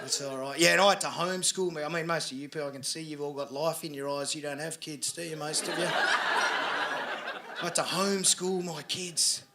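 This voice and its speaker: Brash high-voiced Australian man on stage. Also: steady tone, normal speed, very noisy. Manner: brash, swearing, asks the crowd for agreement. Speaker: stand-up comedian. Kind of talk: stand-up comedy set. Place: live comedy venue with audience. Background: audience laughter.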